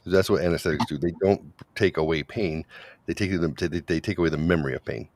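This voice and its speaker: A man's voice: sits low, fast, noisy background. A man from Wyoming, a guest on a talk show, speaking bluntly and swearing freely. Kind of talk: casual chat.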